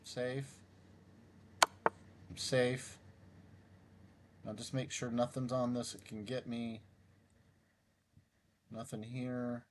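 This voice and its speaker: Against a noisy background, a middle-aged chess YouTuber talks to himself through puzzles in a level, unhurried voice of ordinary pitch. His casual commentary tracks his moves one by one, with wry jabs at his own blunders.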